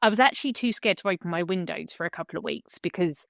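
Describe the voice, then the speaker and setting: A woman's voice: on the low side, fast, vocal fry, no echo, clean studio sound. Blunt, matter-of-fact woman guest. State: widowed, remarried. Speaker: podcast guest. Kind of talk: frank conversational podcast talk.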